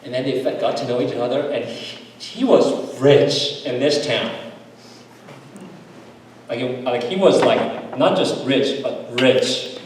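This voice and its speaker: A man's voice: mid-range voice, slow, slight background noise. A man, a pastor, giving a seminar talk told through stories, earnest and building to emphatic repeated lists. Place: church hall. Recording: echoey hall, voice from far off.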